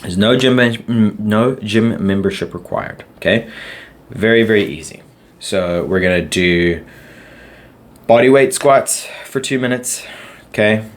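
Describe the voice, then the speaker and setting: Deep-voiced man rambling through a podcast. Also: a little slow. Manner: rambling, chatty, laughs at his own stories. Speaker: podcast host. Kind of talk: casual solo podcast storytelling.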